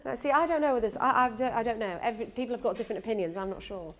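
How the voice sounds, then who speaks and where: Coach leading a workshop. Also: female voice, fairly high pitch, expressive, racing. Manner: chatty, self-deprecating, demonstrates sounds. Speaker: accent coach. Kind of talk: workshop teaching.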